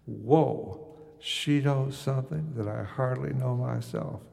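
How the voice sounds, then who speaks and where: Older man with a gravelly voice, musing. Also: mid-range voice, slow pace, darkish tone, in a large hall, a little hiss or hum. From United States. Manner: wry, musing, conversational. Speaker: storyteller. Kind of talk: first-person storytelling.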